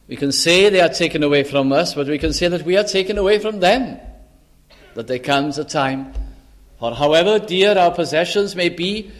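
Slow, emphatic preacher with a higher voice. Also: male voice. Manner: slow, deliberate, emphatic, with dramatic pauses. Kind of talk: sermon.

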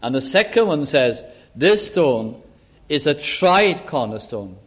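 Man, preacher, high voice, sermon, expounds scripture, plays out small scenes. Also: sing-song, slow pace. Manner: expounds scripture, acts out dialogues.

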